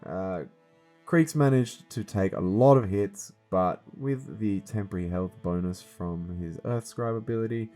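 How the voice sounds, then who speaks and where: Male game host, deep and warm, earnest explainer, casual commentary. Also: measured pace, soft background music. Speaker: host of a voiced game series. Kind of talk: casual gameplay commentary to viewers.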